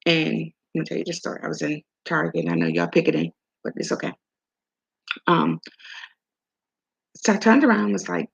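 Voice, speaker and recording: A middle-aged woman from Maryland, USA, hosts a casual chat, telling chatty stories and acting out the dialogue. Her medium-pitched voice is gravelly with a breathy edge, and the recording has a dull, lo-fi sound.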